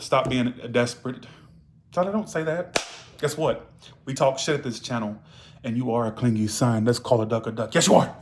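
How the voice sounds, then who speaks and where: A man's voice: medium pitch, a little hiss or hum. Blunt, profane male tarot reader. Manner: casual, repeats "all right?". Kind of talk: live-stream tarot reading.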